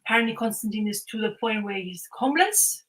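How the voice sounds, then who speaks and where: A woman's voice: mid-range voice, quick pace, low-quality recording. A young woman on a podcast, chatting casually and retelling a comic's plot in a rambling way, full of fillers and restarts. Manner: rambling, animated storytelling with frequent fillers and restarts. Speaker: podcast co-host.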